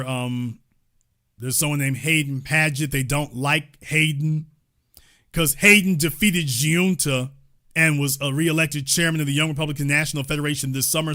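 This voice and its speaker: A man talks through political news in an online commentary show. His voice sits a little high and rings bright and forceful. He punches up the quotes he reads and breaks in with incredulous, sarcastic asides.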